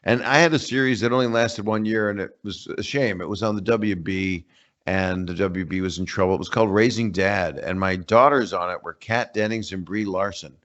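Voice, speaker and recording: Older comedian guest, lowish voice, rambling wry jokes, muffled lo-fi call audio. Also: male voice, brisk, a bit bright. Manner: rambling, joking, wry asides. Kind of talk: casual interview chat over a call. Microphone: remote call connection.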